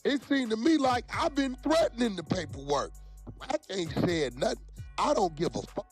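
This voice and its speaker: A man's voice: sits high, sing-song, normal speed, faint music behind. A man in a profane livestream rant, angry and taunting, with a sing-song delivery.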